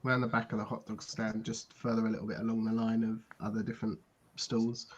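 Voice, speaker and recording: A man's voice: fairly low pitch, brisk, husky. Guy gm narrating, laid back, lots of ums, bit muffled audio. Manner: relaxed, rambling narration with many fillers. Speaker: game master. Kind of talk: narrating a tabletop game.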